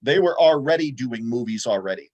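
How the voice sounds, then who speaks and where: A man's voice: medium pitch, expressive, brisk, a little mellow, lo-fi sound. Man, co-host, loose rambling talker, everyday mid-range voice, movie podcast banter. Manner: rambling, many fillers and restarts. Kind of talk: casual movie podcast chat.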